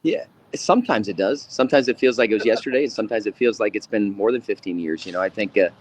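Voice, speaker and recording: A man's voice: lowish voice, fast. A man who coaches college wrestling, answering interview questions in a laid-back, joking way. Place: room at a wrestling facility.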